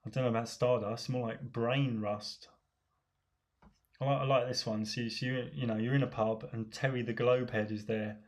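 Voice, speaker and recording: A man's voice: medium pitch, steady tone, normal speed. A man delivering a sarcastic, mocking comic rant monologue.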